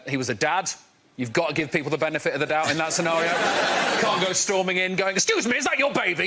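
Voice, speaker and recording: A man's voice: a little high, noisy background. A man on a comedy panel delivering a rambling, self-deprecating monologue. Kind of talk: stand-up monologue. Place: TV studio before a live audience.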